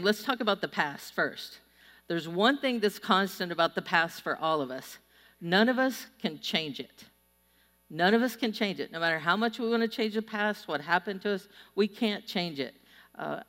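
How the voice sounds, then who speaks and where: A woman pastor giving a sermon to a large congregation, telling stories in a lively, conversational way. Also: mid-range voice. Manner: storytelling, animated and conversational. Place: church auditorium before a large crowd. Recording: long reverb of a large hall.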